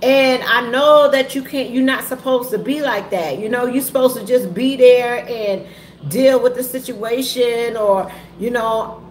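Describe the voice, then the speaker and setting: A woman talking candidly to her viewers in a halting, heavy way, often repeating herself. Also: on the high side. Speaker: vlogger and trucking business owner. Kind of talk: candid personal talk to viewers. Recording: echoey room with faint ambient noise.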